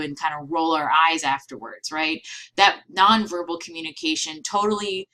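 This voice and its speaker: A woman's voice: on the low side, bright, forceful tone, poor audio. A woman giving a recorded lecture, explaining step by step with many fillers and frequent "right?" checks.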